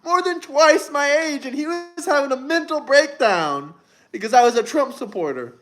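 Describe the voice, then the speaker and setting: Brash, high-voiced young man on a livestream. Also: lively intonation, moderate pace, a bit bright. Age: 20s. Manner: brash, mocking, provocative. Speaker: livestream host. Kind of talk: live-stream chat.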